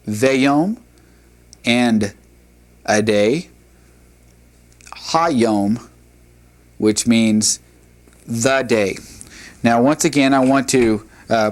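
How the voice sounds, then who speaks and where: A man teaching a recorded language lesson, patient and methodical, often pausing with "uh" and "all right". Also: mid-range voice.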